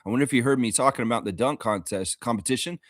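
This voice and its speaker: A man's voice: medium pitch, quick pace, a bit bright, no room sound, clean studio sound. A man hosting a casual sports live stream, rambling, laughing often and reading chat aloud. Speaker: livestream host. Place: Toronto.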